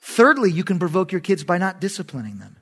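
A middle-aged man, a pastor preaching a sermon in an animated, emphatic way, with sudden loud bursts. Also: high-pitched, fast.

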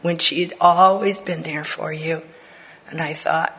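An older woman Bible teacher giving an earnest personal testimony to women, dropping to soft whispers for emphasis. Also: deep voice, fairly even intonation, unhurried, slightly rough, poor audio.

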